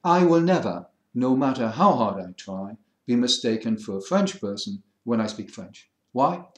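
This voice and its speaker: A middle-aged man with a middle-class educated English accent, explaining things in a measured, wry teaching manner. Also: medium pitch, big pitch swings, echoey room. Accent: standard English, middle-class educated. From England. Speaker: French listening teacher. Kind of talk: lecture to camera.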